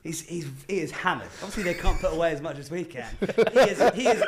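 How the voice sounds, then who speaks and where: A male podcast host spinning a story in a casual, chatty way and laughing along with it. His voice sits high and swoops over a wide range. The delivery stays loose and energetic. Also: fast, noisy background.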